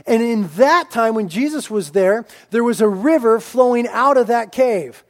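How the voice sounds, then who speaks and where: A man with a notably high voice preaches to his congregation. He stretches key lines out slowly and loudly, then drops into quieter, conversational asides. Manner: emphatic preaching, swinging between loud drawn-out lines and quiet asides. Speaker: pastor. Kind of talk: sermon.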